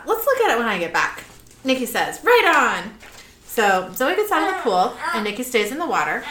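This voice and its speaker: A woman's voice: a little high, moderate pace, roomy sound, slight background noise. A woman co-hosting a casual podcast, recapping a show with lots of laughter and squealed character lines. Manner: giggly, animated, does squealing character voices. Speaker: podcast co-host recapping a TV episode. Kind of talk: casual chat, acting out scene dialogue.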